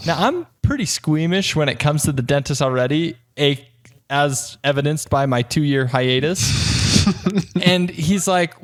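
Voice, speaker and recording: A young man with a fairly high voice tells a story on a podcast, swinging his voice way up when he acts out the other side. His delivery is loose and chatty, straight into a desk mic. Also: unhurried. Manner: animated storyteller, acts out both sides with big pitch jumps. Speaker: podcast co-host. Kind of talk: casual chat.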